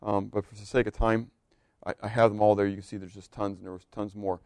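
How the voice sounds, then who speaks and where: A pastor preaches a sermon in a loose, conversational style, putting questions to the congregation and laughing now and then. His voice sits on the low side with a level tone, fast delivery, and a darkish, smooth quality, with no echo.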